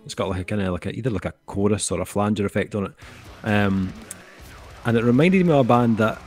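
Speaking fast in a lowish voice over soft background music, a middle-aged man co-hosts an album review. His talk is casual and rambling, heavy with fillers like "um" and "kinda."

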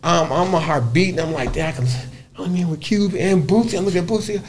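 A man who plays bass, guest on a radio interview, telling a story in a lively, profane way, acting out other people's voices and humming bass lines. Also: fast talker, slight background noise. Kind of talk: animated storytelling in casual interview. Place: radio studio.

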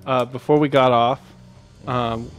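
A man playing a tabletop game, explaining his plan in halting, repeated starts. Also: medium pitch, fairly even intonation, soft background music. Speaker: player. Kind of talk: casual tabletop play.

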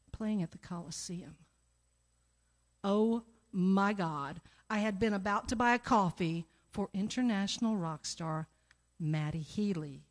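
A middle-aged woman in a church sanctuary, telling a lively personal story that leads into the offering and acting out the voices of the people in it. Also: fairly low pitch. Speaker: church member giving the offering talk.

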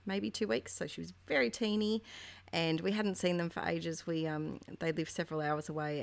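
A woman in her thirties chatting casually and warmly about her scrapbooking as a voice-over, meandering from one thought to the next. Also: sits low, creaky. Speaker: craft vlogger.

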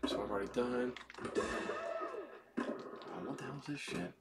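A man's voice: mid-range voice, moderate pace, very noisy. A man giving casual gameplay commentary, swearing and muttering to himself as he plays. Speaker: gaming YouTuber. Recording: game music playing loudly behind.

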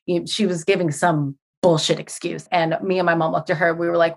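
A woman in her thirties tells her own story as a podcast guest. She acts out each exchange with plenty of feeling and swears freely, and her voice sits a little low. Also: fairly quick, few pauses. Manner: animated, acts out quoted dialogue, swears. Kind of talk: emotional personal storytelling.

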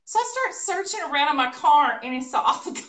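A woman co-hosting a live show, telling a funny story about her day in an animated, laughing way. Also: high-pitched, fast talker. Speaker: co-host of a painting livestream. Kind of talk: casual storytelling chat. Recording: echoey room, voice a bit far from mic.

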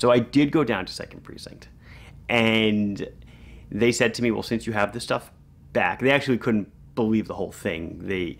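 A man's voice: on the low side, moderate pace, gravelly. A middle-aged man, a watch shop owner telling a story on his vlog and acting out the quotes. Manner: animated storyteller, acts out quotes.

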